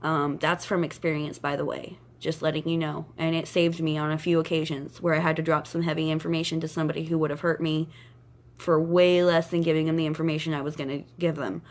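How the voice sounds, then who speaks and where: A woman's voice: low voice, little pitch movement, fast. A woman giving twin flame psychic advice to her viewers, talking bluntly and emphatically, repeating her points and addressing them directly. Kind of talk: casual spiritual advice monologue.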